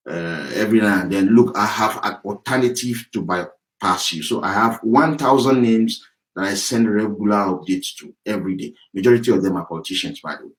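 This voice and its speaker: A man giving an impassioned campaign monologue as an activist, emphatic and repetitive, sometimes rising to shouts. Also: lowish voice, rough recording. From Nigeria (Yoruba).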